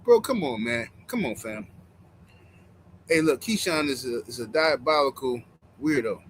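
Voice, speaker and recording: A man's voice: mid-range voice, expressive, measured pace, a little hiss or hum, rough recording. A man hosting a boxing reaction stream, talking bluntly and mockingly straight to his viewers. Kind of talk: casual live-stream commentary.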